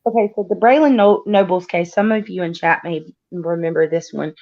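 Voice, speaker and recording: Excitable woman co-host on muffled audio. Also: fairly low pitch, fairly quick. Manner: excitable, rambling, many restarts. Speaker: guest co-host. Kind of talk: casual livestream chat.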